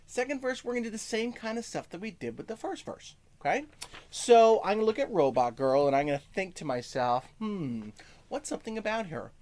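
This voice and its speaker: A male music teacher giving a first-grade lesson, speaking slowly to young children, checking in with "okay?" and singing short lines. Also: high voice, big pitch swings, darkish tone. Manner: lots of "okay?" check-ins.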